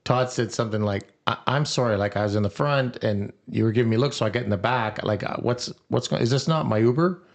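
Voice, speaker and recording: A man co-hosting a podcast who chimes in with questions and quick apologies in casual talk. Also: mid-range voice, creaky. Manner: chatty, breaks in with questions and apologies. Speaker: podcast co-host. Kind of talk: casual conversation.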